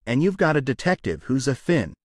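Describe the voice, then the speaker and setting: A man's voice: medium pitch, big pitch swings, brisk, no room sound, clean studio sound. A male audiobook narrator reading the lines of a blunt, sturdy thirteen-year-old girl who asks forthright questions.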